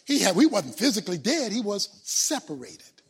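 Husky-voiced high-pitched male preacher. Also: wildly swooping pitch, moderate pace. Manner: emphatic, repetitive, call-and-response. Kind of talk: sermon.

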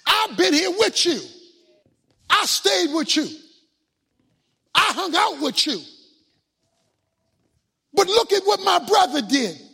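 A man voicing a resentful older brother who complains indignantly and shouts about being overlooked. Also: very high-pitched, big pitch swings, takes it slowly, gravelly, pauses often, pitched above the performer's own voice, heavily acted. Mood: aggrieved shouting.

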